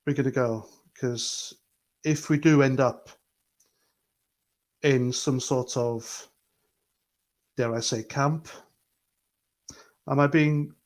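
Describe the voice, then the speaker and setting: A man's voice: mid-range voice, fairly even intonation, slow pace, long pauses. A man hosting a livestream, talking earnestly and rambling as he reads out chat comments. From Britain. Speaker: livestream host.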